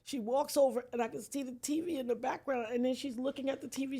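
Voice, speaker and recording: A woman's voice: sits high, steady tone, quick pace, few pauses, dark tone, breathy edge. A woman guest on a podcast, telling a dramatic personal story earnestly and vividly, acting out the voices she quotes. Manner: earnest, invokes God.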